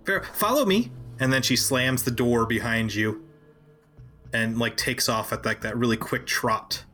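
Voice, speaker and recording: A man's voice: medium pitch, level tone, unhurried, bright, forceful tone, soft background music. A man running a tabletop game as game master, narrating in a casual way with many fillers.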